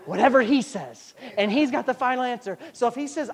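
A woman pastor preaching a sermon with a sarcastic, animated delivery. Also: fairly high pitch, a little fast.

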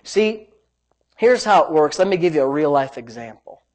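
A man's voice: on the high side, lively intonation, normal speed, darkish tone. A man pastor preaching a sermon in an emphatic, exclamatory way.

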